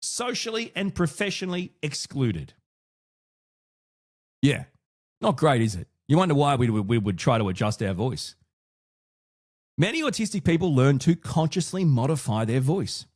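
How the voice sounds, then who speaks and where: A man's voice: on the high side, sing-song, normal speed, long pauses, a little mellow. A man hosting his own podcast, talking casually and thinking aloud with frequent restarts and asides. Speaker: podcast host. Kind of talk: casual solo podcast talk.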